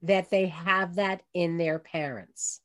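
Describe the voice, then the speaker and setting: A woman's voice: on the low side, fairly even intonation, takes it slowly. An older woman hosting an online radio talk show, telling heartfelt personal stories to her guest.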